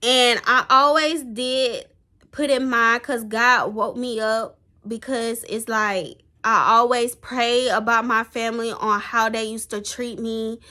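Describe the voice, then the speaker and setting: A woman's voice: on the high side, steady tone, slow, pushed and bright. A young woman, talking earnestly to the camera in a rambling, emotional personal vlog. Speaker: vlogger.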